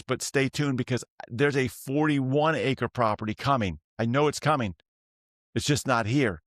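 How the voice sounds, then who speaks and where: A man's voice: mid-range voice, no room sound, studio quality. A middle-aged man hosting a land sales show, reading prices and property numbers with chatty, joking asides. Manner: chatty, jokey storytelling between listings. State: tired. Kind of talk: casual sales pitch.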